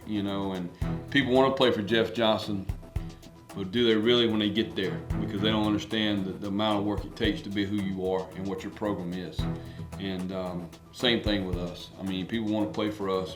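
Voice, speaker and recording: A middle-aged man, a baseball coach co-hosting an interview, talking in a folksy, emphatic, rambling way. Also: fairly low pitch. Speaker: baseball coach and podcast host. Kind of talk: casual interview chat. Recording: echoey room with loud music behind.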